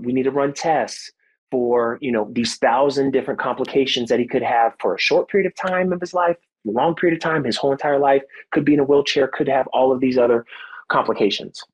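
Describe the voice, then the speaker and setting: A man in his thirties, a former football player, telling a personal story in a podcast interview, earnest and animated, acting out what people said. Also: mid-range voice, fairly quick, husky, rough recording. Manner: faith-centered, reflective. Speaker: guest, former football player and motivational speaker.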